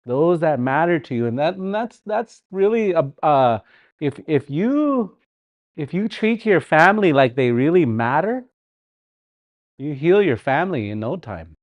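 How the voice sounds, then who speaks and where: Man, middle-aged, language teacher, slow unhurried delivery, repeats words aloud. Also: fairly high pitch, big pitch swings, no echo, phone-quality sound. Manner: slow, repeats words, chants song lines, laughs often. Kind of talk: livestreamed language class.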